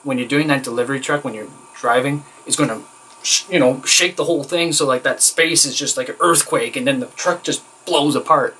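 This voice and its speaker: A man with a bright, slightly tense voice talks to camera in a loose, rambling vlog. He sounds candid and exasperated as he vents, leaning on fillers. A faint hiss sits under his voice. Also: mid-range voice, a little fast, low-quality recording. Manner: exasperated, venting. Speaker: vlogger. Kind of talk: casual vlog monologue.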